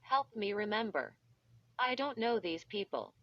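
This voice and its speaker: A woman's voice: medium pitch, big pitch swings, measured pace, no echo. Frightened young boy, read by a synthetic woman's voice. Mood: pleading. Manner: pleading, distressed. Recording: dull lo-fi.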